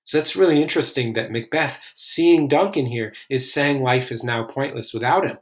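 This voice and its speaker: A man explaining a classic play line by line in a relaxed, casual way. His voice sits in a middle pitch, and he tosses in "like" often as he paraphrases. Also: moderate pace. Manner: reads quoted lines with raised dramatic emphasis, then explains casually. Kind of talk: line-by-line literature lesson.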